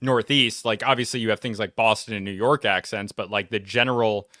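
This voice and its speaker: A man's voice: lowish voice, fairly even intonation, pushed and bright. A man from the United States hosting a casual chat, rambling and sarcastic as he vents over a video call. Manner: rambling, sarcastic, quick to vent. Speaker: podcast host.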